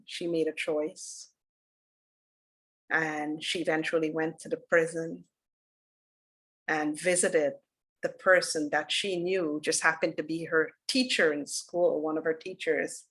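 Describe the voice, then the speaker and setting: A woman giving a dharma talk as a spiritual teacher, telling a story in an earnest, unhurried way that drops soft for solemn moments. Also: low-pitched, rough recording.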